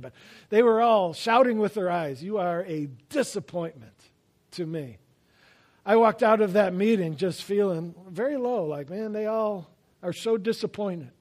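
A man preaching a sermon, telling stories with self-deprecating humor and swinging between loud emphasis and quiet asides. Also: sits high. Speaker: pastor.

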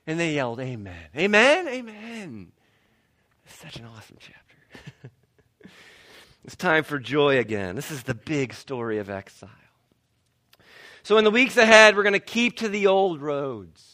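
A man preaching a sermon, animated, swinging between loud declarations and hushed asides, with short laughs and restarts. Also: fairly high pitch, moderate pace, pauses often. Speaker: pastor.

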